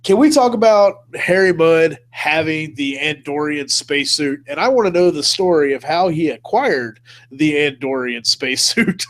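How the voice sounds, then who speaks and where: A laid-back man hosts a casual live-stream chat, laughing often and tossing in "man" and "dude". His voice sits a little higher than most men's. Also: animated, moderate pace. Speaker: host.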